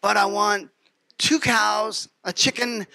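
A man's voice: high-pitched, steady tone, slow pace, vocal fry, pushed and bright, no room sound, heavily acted. A man voicing an old-time father who bargains his daughter's marriage away, haggling in a matter-of-fact way. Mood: bargaining.

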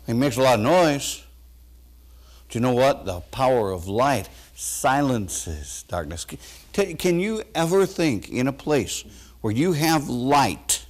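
A pastor preaching a sermon to his congregation, folksy and animated, swinging between loud bursts and quiet asides. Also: medium pitch, slow. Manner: folksy, talks straight to the congregation.

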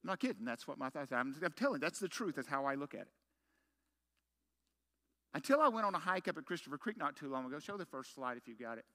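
Middle-aged pastor guy preaching, bright ringing voice, jokey, asks the crowd lots of questions. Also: on the high side, sing-song, fast. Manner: storytelling, self-mocking, punchy rhetorical questions. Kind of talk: sermon.

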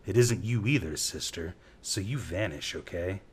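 A man's voice: deep voice, moderate pace, slight background noise, close to an everyday voice. A man doing a bitter young hustler. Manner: bitter, sarcastic.

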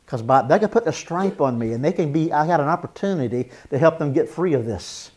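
A man's voice: on the high side, expressive, moderate pace, a little mellow, breathy edge. A man teaching a marriage seminar as a pastor, earnest, repeating phrases for emphasis and acting out spoken apologies.

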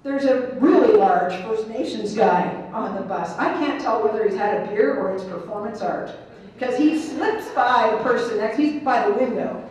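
This keynote speaker's voice sits on the high side, and she talks at a moderate pace in a large conference hall. Animated and funny, she acts out the people in her story. Her voice is captured from far off, echoing around the room.

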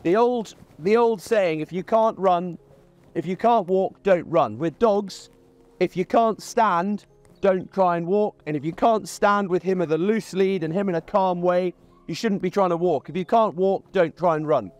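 A man's voice: sits high, moderate pace, soft background music. A man giving a chatty, plain-spoken dog training lesson outdoors by a pond.

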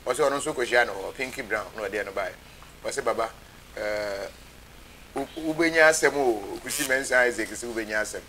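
A man's voice: medium pitch, fairly quick, sharp tone, slight background noise, poor audio. A man hosting a live show, casually reading viewer comments aloud.

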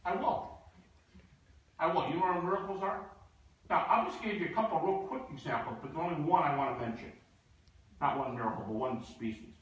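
A man giving an emphatic, animated lecture with stories, acting out the people he quotes. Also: high voice, moderate pace, lo-fi sound. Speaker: guest lecturer. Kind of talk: lecture with storytelling. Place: university lecture hall. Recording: echoey hall, distant mic.

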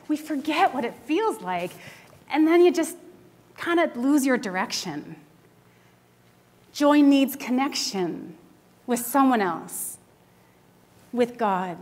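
A woman in her forties, a minister giving a conversational sermon full of stories, who often laughs. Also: fairly high pitch. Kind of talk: storytelling sermon. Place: church sanctuary.

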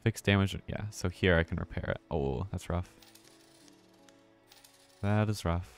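Low-voiced male streamer reacting aloud. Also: a little slow, creaky, soft background music. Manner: reactive, swears when startled, mutters to himself. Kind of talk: live gameplay commentary.

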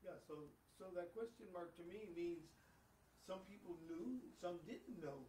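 A man's voice: high-pitched, normal speed, dark tone, slightly rough. A man in the congregation reading Bible verses aloud plainly and adding a brief comment. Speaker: congregation member reading scripture. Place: church hall. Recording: roomy, faint, far from the mic.

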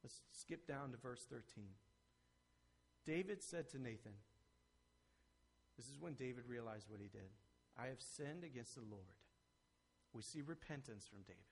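A man preaching a sermon as pastor, earnest and conversational, rising to emphatic peaks and then dropping soft. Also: medium pitch, animated, normal speed, vocal fry, long pauses, husky. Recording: long reverb of a church hall.

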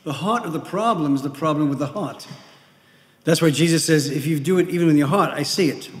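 A man's voice: on the high side, a little fast. A male pastor preaching a sermon in a conversational way, often repeating himself and acting out little scenes. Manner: conversational preaching with repetitions and acted-out whispered gossip. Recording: echoey hall with long reverb.

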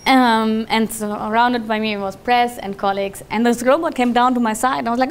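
A woman giving a conference talk to an audience, telling stories in a lively way and laughing often. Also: a little high, a little fast, hardly any pauses. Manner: lively, with frequent restarts and fillers. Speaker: conference speaker. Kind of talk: live talk with audience questions.

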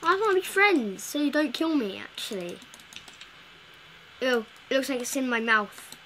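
A woman's voice: high voice, very animated, moderate pace, sharp tone, slight background noise. A woman giving casual, playful commentary while playing a video game, chatting to the characters on screen. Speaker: gameplay video host.

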